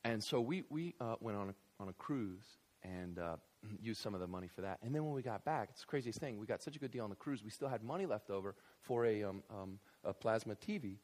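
A man's voice: on the low side, lively intonation, a little fast, darkish tone, pitched below the performer's own voice. A man voicing a sheepish bank manager who stammers and hesitates through every sentence. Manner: hesitant, full of ums and restarts.

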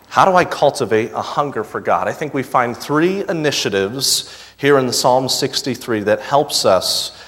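Earnest young preacher in a reverberant hall. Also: male voice, mid-range voice. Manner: earnest preaching, swinging from loud emphatic reading to soft intimate asides. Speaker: pastor. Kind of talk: sermon. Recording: long reverb of a large hall.

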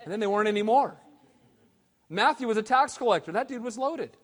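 High-voiced preacher in a reverberant hall. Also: male voice, brisk. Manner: animated, conversational preaching with casual slang. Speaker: pastor. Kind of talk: sermon.

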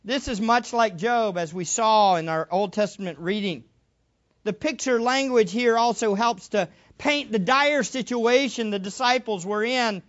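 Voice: medium pitch, unhurried, dull audio. A preacher giving a sermon in an emphatic way, repeating key phrases and asking the listeners rhetorical questions.

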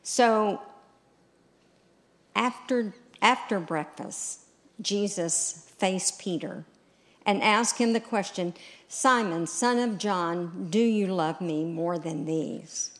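A middle-aged woman preaching a sermon, telling a story slowly and deliberately and voicing quoted lines. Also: medium pitch.

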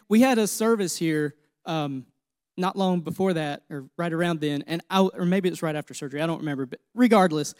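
Thirty-something guy preaching, kinda high voice, super dry close sound, gets fired up telling his story. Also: fast talker, no room sound. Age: 30s. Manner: personal testimony, grows emotional and louder. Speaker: pastor. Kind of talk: sermon. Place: church.

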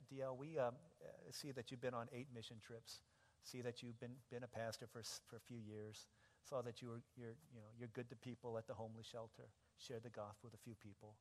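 A man preaching a sermon as a pastor, telling a dramatic story that swells into loud, impassioned shouting. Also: mid-range voice. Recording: echoey hall with long reverb.

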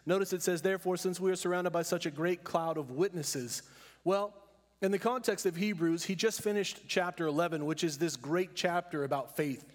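A man preaching with a slightly high voice, earnest and deliberate, slowing on the words he wants to land. His sermon rings with the long reverb of a church hall. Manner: earnest preaching, slows down to stress key words. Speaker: pastor.

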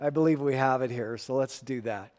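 A man's voice: mid-range voice, a little fast, darkish tone, big-room sound. A man preaching a sermon in a church, emphatic and playful with the congregation. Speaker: pastor.

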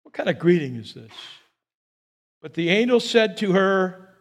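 High-voiced pastor preaching. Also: male voice, measured pace. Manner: animated preaching, rhetorical questions to the congregation; repeats words while building a point. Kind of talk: sermon.

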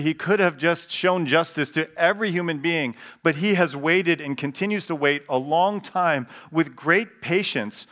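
A pastor preaching a sermon to a live congregation. He jokes with the people in the pews and slows down to read scripture with emphasis. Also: fairly high pitch, fairly bright tone. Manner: playful, joking asides with the congregation; reads scripture slowly with emphasis. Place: church sanctuary with live congregation.

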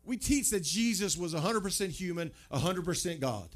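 Man, pastor, sermon, conversational preaching, rhetorical questions, fairly high voice. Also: lively intonation, moderate pace.

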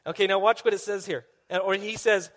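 A man's voice: sits high, fairly even intonation, a little fast, fairly bright tone. A man as a pastor, preaching a sermon in an earnest, conversational storytelling way.

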